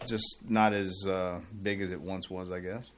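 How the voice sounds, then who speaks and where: In a low voice and at a measured pace, a middle-aged radio co-host tells long, meandering stories during casual on-air chat, becoming animated when something excites him.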